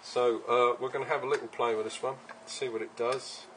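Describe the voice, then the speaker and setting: A man's voice: mid-range voice, little pitch movement, brisk, a bit bright, slight background noise, low-quality recording. A British man casually talking through a hobby build in his workshop, rambling with plenty of ums and uhs.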